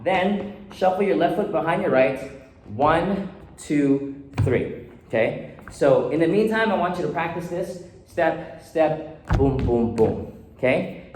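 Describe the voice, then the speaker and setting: A man teaching dance choreography, counting beats and calling out steps in rhythm. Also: fairly high pitch. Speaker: dance instructor. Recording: echoey room with faint noise.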